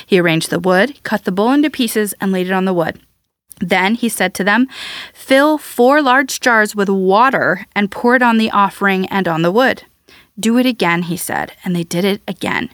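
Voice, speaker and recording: Woman, scripture reader, measured delivery, mid-pitched, dry close-mic sound. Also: fairly bright tone, dry recording. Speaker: Bible reader. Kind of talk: scripture reading.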